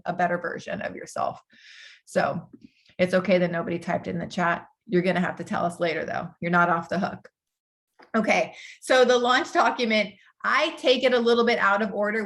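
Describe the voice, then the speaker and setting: A woman's voice: mid-range voice, fairly bright tone. Upbeat woman coaching recruits on a video call. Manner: casual and upbeat, laughs often, fills with "like". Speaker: team leader training new recruits. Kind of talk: motivational training call.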